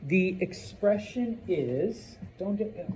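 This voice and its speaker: A man teaching a Spanish class in a classroom, chatty and relaxed, checking in with "okay?" again and again. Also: high-pitched, takes it slowly, soft background music. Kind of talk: classroom lesson.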